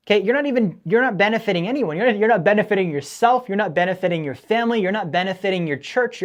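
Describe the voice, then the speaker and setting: Male host, slightly high voice, lecturing viewers on money, emphatic and scolding. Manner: emphatic, scolding, repeats points for stress. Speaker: finance show host. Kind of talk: direct-to-camera teaching monologue.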